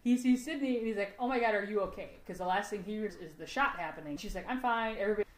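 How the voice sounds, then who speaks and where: A woman co-hosting a podcast recaps an episode in casual chat, chatty and giggly, acting out the characters' lines in quotes. She talks fast in a medium-pitched voice, and the recording has a roomy echo.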